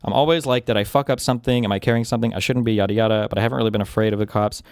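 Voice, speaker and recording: A man reacting on a live stream, ranting in profane, animated asides. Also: lowish voice, rapid-fire, smooth, no room sound, studio quality. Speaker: streamer reacting to a podcast clip.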